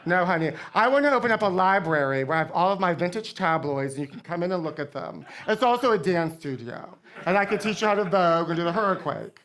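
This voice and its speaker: A woman's voice: on the low side, animated, fast, hardly any pauses, fairly bright tone. A woman playing a brash, vain diva pop star on stage, campy and rambling, calling everyone honey. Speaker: comedy guest in character. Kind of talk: live comedy stand-up in character. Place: theater stage with live audience.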